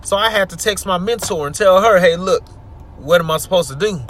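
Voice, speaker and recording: Fed-up man venting in a car. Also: a little fast. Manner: frustrated venting, swings between loud outbursts and low mutters. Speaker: vlogger. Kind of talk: story time vlog rant.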